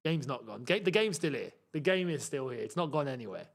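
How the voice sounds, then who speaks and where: A young man hosting a live football watchalong, reacting to the match with chatty asides and excited outbursts. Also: medium pitch, brisk, gravelly. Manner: excitable, shouts and laughs at chances, chatty asides.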